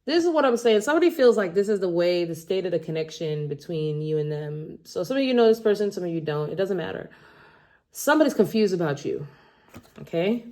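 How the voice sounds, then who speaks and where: Mellow-voiced woman giving a chatty tarot reading. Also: lowish voice, expressive, fairly quick. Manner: rambling, chatty and blunt, with casual swearing. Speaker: tarot reader. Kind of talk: casual tarot reading to camera.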